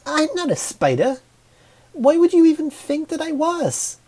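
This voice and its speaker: A man's voice: very high voice, sing-song, measured pace, a little mellow, pitched above the performer's own voice, full character voice. A man reading a storybook and voicing an exasperated young female pony with indignant, whiny protests.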